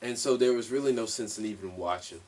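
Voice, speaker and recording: A man's voice: lowish voice, fast talker, a little mellow. A man co-hosting a podcast, chatting about wrestling with laid-back, agreeable comments. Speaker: podcast co-host. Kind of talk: casual wrestling chat.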